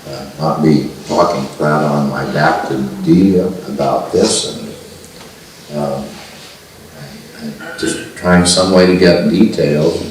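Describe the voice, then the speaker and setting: An older man telling a personal story to a seminar group, halting and restarting often. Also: rumbling low, fairly even intonation, slight background noise. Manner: halting, with frequent restarts and fillers. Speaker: seminar speaker. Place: meeting room at a spiritual center. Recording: roomy archival recording from far off.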